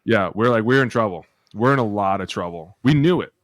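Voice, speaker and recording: A lower-pitched American man talking loosely on a podcast, blunt and profane, spinning animated stories from his time in the league. The recording is dry and close, with no room sound around his voice. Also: a little fast, dry recording. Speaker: podcast co-host, former NFL offensive lineman. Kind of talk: casual chat.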